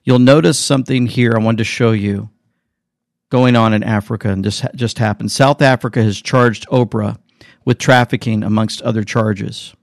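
A man's voice: fairly low pitch, fairly even intonation, moderate pace, gravelly, no echo, clean studio sound. A man hosting a show, talking in an earnest, chatty commentary style with a preachy edge. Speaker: show host. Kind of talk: casual commentary.

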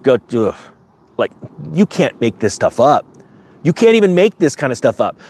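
A man hosting a casual livestream, talking in a rambling, sarcastic way that climbs into high, excited outbursts. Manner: animated, sarcastic, rising to high excited pitch; rambling with many restarts. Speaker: crypto market livestream host.

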